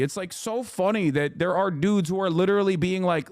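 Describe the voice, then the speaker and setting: A man's voice: high-pitched, brisk, hardly any pauses, darkish tone, no room sound, studio quality. A man commentating on a live stream, ranting heatedly with lots of swearing and mocking voices for the people he criticizes.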